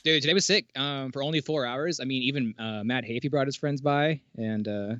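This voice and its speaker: A young man chatting casually as a guest, relaxed and quick to laugh, using easygoing slang. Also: medium pitch, no room sound, dull audio. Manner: laid-back, laughs often, relaxed slang. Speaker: guest, Twitch streamer and guitarist. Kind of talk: casual chat.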